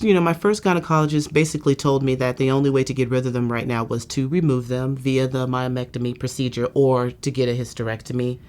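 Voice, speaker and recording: Chatty woman telling her story. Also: extremely low pitch. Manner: chatty storytelling, frequent "you know"; lively, acts out quoted speech. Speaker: patient giving a testimonial. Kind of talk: candid testimonial interview.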